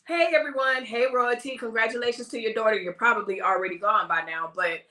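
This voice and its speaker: A woman hosting a casual live-stream chat, animated and laughing, mimicking the people she talks about. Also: on the high side, brisk, echoey room. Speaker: host of a live talk stream.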